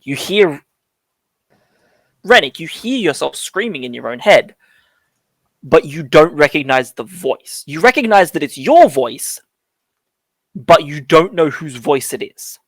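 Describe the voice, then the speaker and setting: A man narrating as dungeon master in a rambling way, often pausing to search for words with lots of fillers. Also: on the high side, big pitch swings, no room sound. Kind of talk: narrating a tabletop game.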